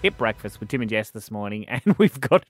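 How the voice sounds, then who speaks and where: A man's voice: on the low side, expressive, brisk, over loud music. A man with an Australian accent hosting a breakfast radio show with jokey, playful banter. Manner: jokey, playful, does silly voices. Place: radio studio.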